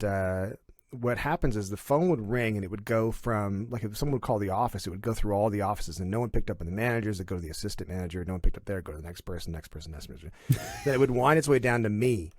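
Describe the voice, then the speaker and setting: A middle-aged man from Canada, chatting casually and telling animated stories, slipping into playful impressions. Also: on the low side, quick pace, dry recording, clean studio sound. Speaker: comedian and voiceover artist as guest. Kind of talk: casual chat.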